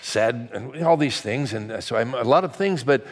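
An older man, a pastor, preaching a sermon in a chatty storytelling way, with lots of restarts and lively asides. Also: medium pitch, moderate pace. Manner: conversational storytelling, many restarts, animated asides.

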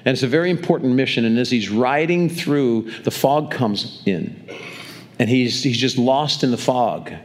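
A man's voice: medium pitch, lively intonation, moderate pace. An older man giving a sermon as a pastor, telling stories in a conversational way and often restarting and repeating words. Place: church, speaking to a congregation.

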